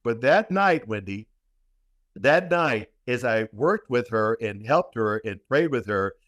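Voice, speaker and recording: A man telling a long story in a podcast interview, speaking at a middle pitch. He talks emphatically, repeats words for weight and often restarts. His voice is dry and close to the mic. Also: expressive, takes it slowly, a bit bright, dry recording. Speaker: guest practitioner.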